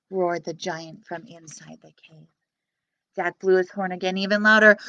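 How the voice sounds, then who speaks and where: A woman librarian reading a storybook aloud to children and chatting with them in an expressive, animated way. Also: on the low side, unhurried, dry recording. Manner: animated, expressive, talking directly to kids.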